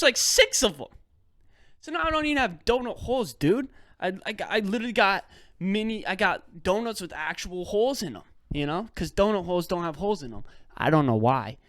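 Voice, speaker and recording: Animated young man ranting casually. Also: sits high, dry recording, clean studio sound. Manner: rambling storyteller, slangy and exasperated. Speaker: podcast host. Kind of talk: casual comedic rant.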